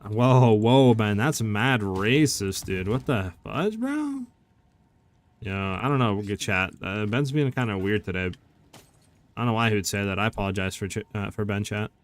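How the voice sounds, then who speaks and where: A low-voiced man streaming a game and talking to his chat as he plays. He keeps up a laid-back, chatty stream of comments and asides. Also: sing-song, moderate pace. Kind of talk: casual live-stream chat while gaming.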